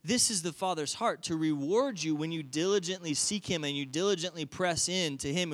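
A man's voice: fairly high pitch, fairly bright tone, no echo. A man preaching a sermon, telling a story animatedly with playful asides. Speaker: pastor.

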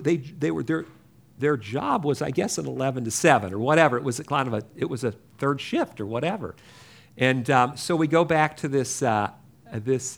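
A man in his sixties telling a personal faith story in a rambling, chatty way as a preacher. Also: mid-range voice.

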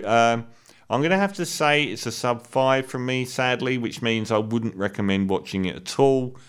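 A man giving a casual, opinionated spoken film review, candid and blunt, pausing on fillers and restarting sentences as he talks. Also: lowish voice, clean tone.

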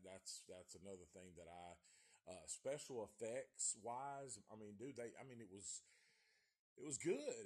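A man's voice: fairly low pitch, darkish tone. A man giving a rambling, heavily profane review of an old horror film. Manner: profane, rambling, restarts often. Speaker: movie reviewer.

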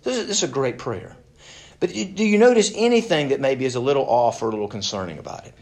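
A man's voice: medium pitch, expressive, quick pace. A man teaching a Bible passage to a group in a conversational way, often asking them questions and repeating words as he restarts. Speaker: Bible study leader.

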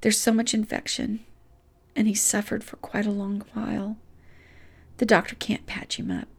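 A woman quoting her father in her own voice, speaking quietly and half-whispered. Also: mid-range voice, level tone, moderate pace, creaky, slightly rough. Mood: gentle, sad. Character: quiet, gentle father breaking sad news.

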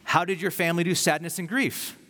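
A man's voice: fairly high pitch, steady tone, pushed and bright. Earnest preaching man in a reverberant hall. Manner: earnest, conversational preaching with quick acted-out asides. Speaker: pastor. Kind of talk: sermon.

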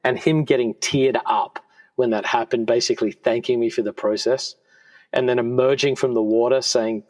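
An earnest man in his forties speaks as a podcast guest, sharing personal stories with heartfelt sincerity. His voice sits at an ordinary middle pitch, and his phrases often stop and start again mid-thought. He sounds conversational rather than scripted. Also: steady tone, moderate pace, a little mellow. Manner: earnest and heartfelt, with frequent restarts. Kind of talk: conversational storytelling. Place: podcast studio.

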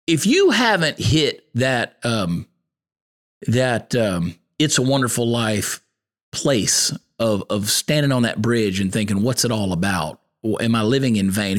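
In a plainspoken, preacherly style, a man hosting a podcast gives a folksy, sermon-like monologue. His pitch climbs and drops broadly as he hammers home each point with earnest conviction.

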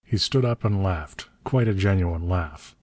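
A man narrating a story in a steady, measured reading. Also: deep voice, no room sound. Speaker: audiobook narrator. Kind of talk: scripted narration.

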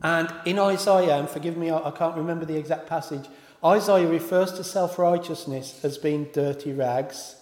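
A man's voice: on the high side, normal speed, hardly any pauses, a little mellow. A man preaching a sermon in an informal way, often stopping to correct himself and apologise. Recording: echoey hall with long reverb.

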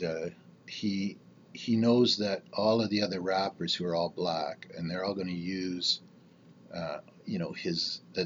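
A man on the edge of sixty talks through his own podcast in a loose, rambling way, stopping and restarting his sentences. His voice sits fairly low. The recording sounds dull and lo-fi, with a faint hiss underneath. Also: fairly bright tone. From Canada. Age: 50s. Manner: rambling, candid, with many fillers and restarts. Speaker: podcast host. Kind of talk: casual solo podcast monologue.

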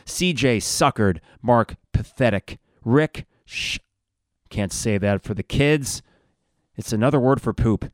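A middle-aged man hosts a sports podcast, working through a stack of listener comments in a wry, conversational way. His voice sits at an ordinary middle pitch and comes across dry and close, with no room sound around it. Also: unhurried, dry recording. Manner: wry, conversational, reads out comments one after another. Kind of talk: reading listener replies aloud, casual commentary.

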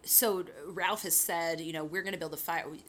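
Young woman, podcast co-host, lowish voice, giggly and chatty, faint background hiss. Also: normal speed. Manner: chatty, laughs easily, goes high when excited. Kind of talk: casual book discussion.

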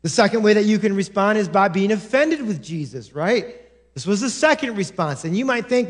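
A male pastor preaching a sermon in church, animated, acting out quoted voices with many restarts. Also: high-pitched, brisk.

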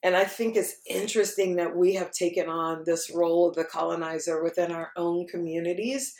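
A woman from Texas in casual conversation, animated, acting out voices in her stories and laughing as she talks. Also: lowish voice, brisk, roomy sound. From Texas, USA. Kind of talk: casual chat.

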